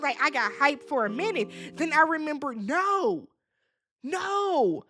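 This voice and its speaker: Animated high-voiced woman recapping TV. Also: a little slow. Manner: animated and dramatic, with slangy asides. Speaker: reality TV recap host. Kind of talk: casual recap commentary.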